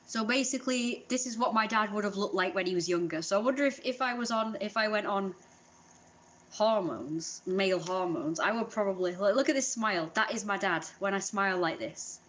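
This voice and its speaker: A woman's voice: mid-range voice, a little fast, a bit bright. A woman chatting casually in a vlog, rambling and self-deprecating. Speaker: vlogger.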